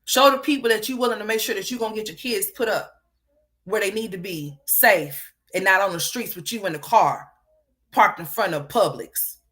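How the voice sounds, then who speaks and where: A woman's voice: medium pitch, normal speed, a bit bright. A woman giving a blunt, profane opinion commentary, firing off rhetorical questions. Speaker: online commentator.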